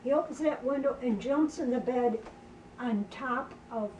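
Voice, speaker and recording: An older woman shares family memories as a sibling, telling a family story in casual talk with a high, darkish voice at an unhurried pace. She's a chatty narrator who keeps asking listeners if they can believe it. The dull audio is roomy, from a distant mic, with faint background noise.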